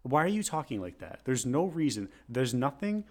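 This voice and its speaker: A young man co-hosting a casual podcast, ranting and mocking baby talk with squeaky impressions. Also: sing-song, normal speed. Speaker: podcast co-host. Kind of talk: casual chat.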